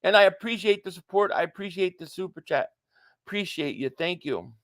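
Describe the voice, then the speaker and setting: A man's voice: high voice, animated, brisk, a bit bright, dry recording, studio quality. A man hosting a casual live stream, chatting and reading viewer comments aloud.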